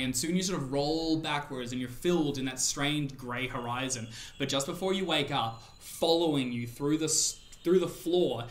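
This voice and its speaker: A man's voice: a little high, a little hiss or hum. Man narrating a tabletop horror game. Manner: descriptive, loose with fillers like "sort of". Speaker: game master.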